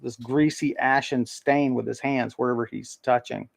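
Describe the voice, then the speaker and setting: A man narrating a tabletop game as game master, halting and full of ums. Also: mid-range voice, steady tone, gravelly.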